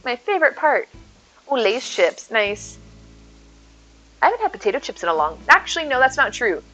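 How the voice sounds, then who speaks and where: A woman's voice: fairly high pitch, big pitch swings, moderate pace, pushed and bright, soft background music, poor audio. A woman streaming a game, chatting casually and rambling to her viewers by name. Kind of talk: casual live-stream chat while gaming.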